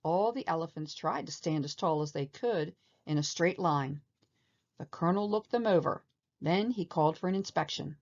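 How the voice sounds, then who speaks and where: A woman narrating a storybook aloud in an expressive, animated way, on a slightly muffled recording. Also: fairly low pitch, normal speed.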